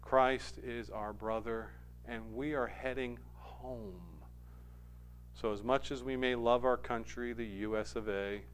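A man preaching a sermon, swinging from quiet, low passages up to loud, emphatic stretches. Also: slight background noise. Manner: rising to emphatic, forceful stretches, then dropping low and quiet.

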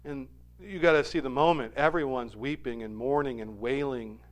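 A man gives a sermon at a moderate pace and medium pitch, alternating loud, emphatic moments with soft, quiet asides. He dramatizes the lines he quotes with feeling.

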